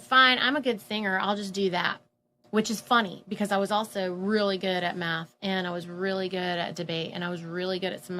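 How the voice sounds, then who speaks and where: A guest with a mid-range female voice tells a personal story casually and with lots of animation. She uses plenty of fillers and acts out the voices of the people she quotes.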